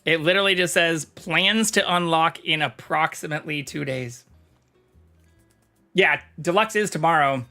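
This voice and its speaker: A man's voice: on the high side, normal speed, few pauses, sharp tone, soft background music. A man chatting casually on a live stream, reading chat aloud and swearing freely. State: talking with mouth full.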